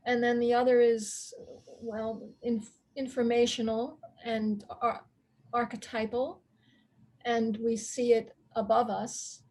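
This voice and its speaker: Woman interview guest, slightly high voice, reflective, laughs softly, lots of ums. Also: little pitch movement, slow. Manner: thoughtful, with soft laughs and many ums. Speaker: guest astrologer.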